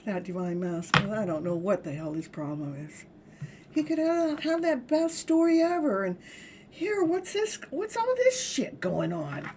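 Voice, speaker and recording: A woman's voice: a little high, sing-song, measured pace, background noise. A woman giving a live tarot reading in a chatty way, laughing often and acting out voices for the figures in the cards. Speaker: tarot reader.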